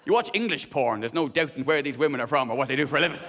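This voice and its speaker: Animated, wry stand-up comedian. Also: male voice, mid-range voice, very fast, long reverb tail. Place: theatre stage. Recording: live stage, audience laughter.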